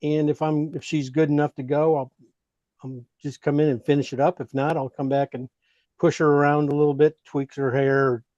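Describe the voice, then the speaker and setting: A man's voice: a little high, level tone, moderate pace, a little mellow, no room sound, muffled recording. A man teaching an online painting class, giving rambling, encouraging feedback full of fillers.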